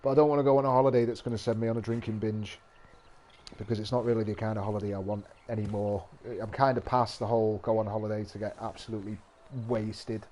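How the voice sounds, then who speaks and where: A man's voice: on the low side, little pitch movement, quick pace, dark tone. A man in his thirties with a mixed Scouse and Mancunian accent, chatting casually on a game stream, swearing freely and laughing often. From North West England. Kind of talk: casual live-stream chat.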